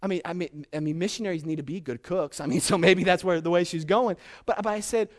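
A young man with a high voice preaches a sermon at a fast clip. He tells a story, restarting often, and builds toward emphatic points.

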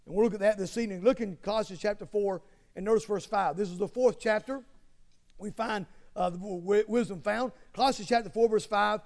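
A man preaching a sermon, repeating phrases and rising to emphatic, near-shouted bursts. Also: high voice, a little fast. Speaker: pastor.

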